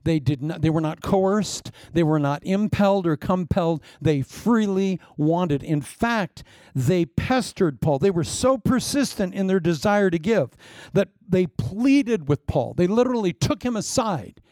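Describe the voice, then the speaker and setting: A man preaching a sermon with wry, self-mocking humor, swinging from loud emphasis down to hushed asides. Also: high-pitched, lively intonation, a little slow, hardly any pauses, no room sound, studio quality. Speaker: pastor.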